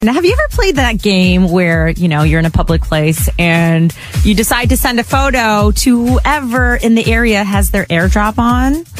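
A woman's voice: mid-range voice, expressive, moderate pace, faint music behind. A woman playfully telling a gossip story from social media. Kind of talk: gossip news chat.

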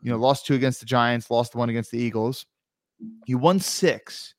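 A man's voice: medium pitch, level tone, fast, no room sound, studio quality, soft background music. A man co-hosting a sports podcast in casual chat, arguing his points at length. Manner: argumentative, explains at length. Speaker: podcast co-host.

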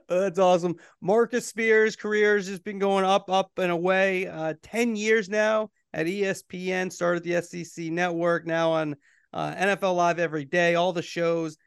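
A man's voice: on the high side, gravelly, clean tone, no echo, studio quality. A middle-aged man co-hosting a podcast in casual chat, telling stories and laughing easily. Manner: chatty, storytelling, laughs easily. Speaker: podcast co-host.

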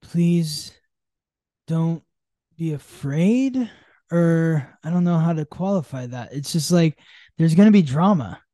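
Mellow-voiced man explaining astrology casually. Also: expressive, slow, no echo, studio quality. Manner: rambling, many fillers and restarts; acts out quoted speech with big pitch jumps. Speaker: astrology podcast co-host.

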